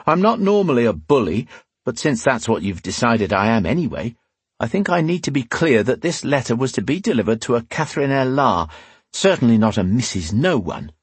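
A man's voice: medium pitch, big pitch swings, a little fast, breathy edge, no echo, pitched above the performer's own voice. A man playing a smug, cocky young nobleman messenger in a fantasy audiobook, teasing and mock-polite.

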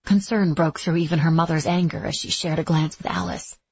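A woman narrating a novel in a steady, even-toned storytelling manner, with a husky voice. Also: sits low, brisk, no room sound. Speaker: audiobook narrator. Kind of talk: scripted narration. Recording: dry, slightly dull lo-fi recording.

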